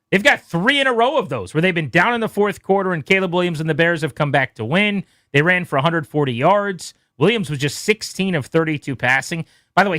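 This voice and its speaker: A man hosting a sports radio show, rattling off quick game recaps with playful asides. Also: on the high side, bright, forceful tone, no echo, clean studio sound. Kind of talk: brisk scores recap.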